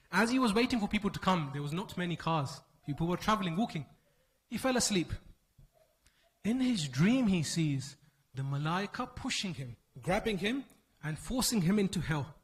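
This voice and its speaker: A man giving an emotional mourning sermon at a religious gathering, telling the story in a slow, solemn, mournful way. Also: high-pitched, low-quality recording.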